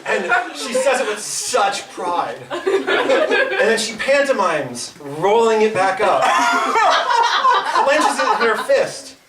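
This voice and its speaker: Young male stand-up, stammering storyteller, high animated voice, distant echoey club sound. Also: heavy background noise. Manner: halting, stammering delivery with many restarts. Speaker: stand-up comedian. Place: small comedy club at an open mic. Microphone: no microphone, recorded from across the room. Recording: roomy, distant open-mic room recording. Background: audience laughter.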